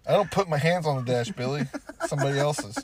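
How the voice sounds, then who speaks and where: A man's voice: fairly high pitch, expressive, fast talker, slight background noise. A man co-hosting a podcast, chatting casually and telling loose, profane stories, with now and then a goofy voice. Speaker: podcast co-host. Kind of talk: casual chat.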